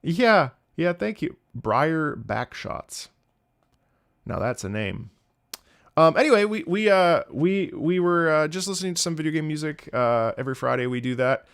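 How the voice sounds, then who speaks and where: A man's voice: fairly high pitch, expressive, moderate pace, vocal fry, fairly bright tone, clear, resonant tone. A man casually chatting with his viewers on a live stream, rambling and joking with chat.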